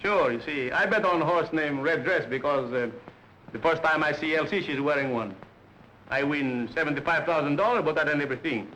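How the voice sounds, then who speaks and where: An actor playing a boisterous immigrant gambler, speaking broken English and chuckling often, in 1930s film dialogue. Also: male voice, on the high side, brisk, bright, forceful tone, a little hiss or hum, poor audio. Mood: jovial.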